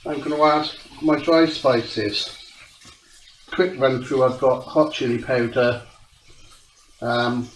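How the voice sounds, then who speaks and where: A man's voice: mid-range voice, steady tone, slow, pauses often. A young man chatting casually as he cooks at home, explaining each step of his recipe. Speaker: home cook. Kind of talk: casual cooking tutorial. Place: home kitchen. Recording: echoey kitchen from far off, noisy.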